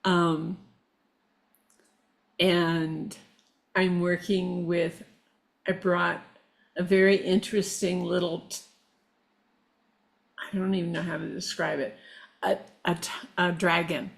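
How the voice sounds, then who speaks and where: Slow, gravelly-voiced middle-aged woman. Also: fairly low pitch, little pitch movement. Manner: slow, meandering, halting with restarts. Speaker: guest, shamanic practitioner. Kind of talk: casual conversation.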